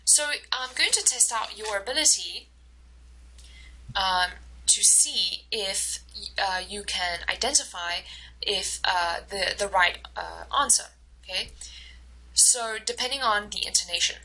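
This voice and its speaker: A woman instructor giving a recorded lecture, explaining slowly with many fillers and acting out short example dialogues. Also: medium pitch, sharp tone, rough recording.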